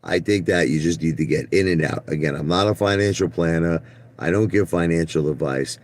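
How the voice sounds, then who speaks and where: A man's voice: low voice, a little fast, no echo. A man hosting a live stream, talking bluntly to his viewers and often stumbling and repeating himself. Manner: blunt, repetitive, stumbles and restarts; talks straight to chat viewers by name. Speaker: livestream host. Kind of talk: ranting live stream talk.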